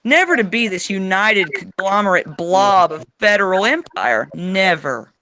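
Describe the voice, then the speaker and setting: A man's voice: lively intonation, measured pace, sharp tone. A man hosting a casual political chat, talking emphatically. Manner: emphatic, swings into high mock voices. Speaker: host.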